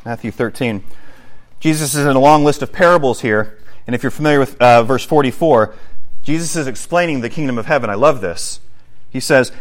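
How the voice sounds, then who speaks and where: A man preaching a sermon in an animated, conversational way, with joking asides. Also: medium pitch, a little fast. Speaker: pastor.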